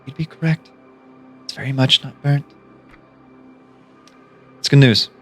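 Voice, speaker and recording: A man's voice: medium pitch, steady tone, a little slow, faint music behind, voice pushed up, lightly acted. A man voicing a cheerful old woman street trader who chats away in upbeat sales patter while reading a story aloud. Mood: chirpy. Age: older.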